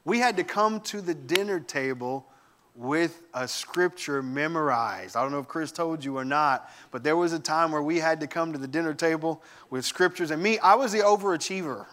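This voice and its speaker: A man giving a sermon, telling lively family stories with humor and enthusiasm. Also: fairly high pitch, moderate pace, slight background noise. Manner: animated storytelling with humor. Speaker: guest preacher.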